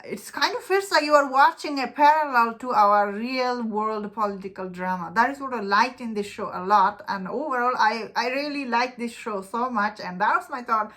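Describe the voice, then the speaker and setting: This is a woman chatting through her review of a show, eager and informal. Her voice sits slightly high with a bright, forward tone. Her sentences ramble loosely, full of "uh" and "like". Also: moderate pace, hardly any pauses. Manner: chatty and enthusiastic, many fillers and restarts; loose, informal English phrasing. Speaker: movie reviewer. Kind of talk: casual spoken review.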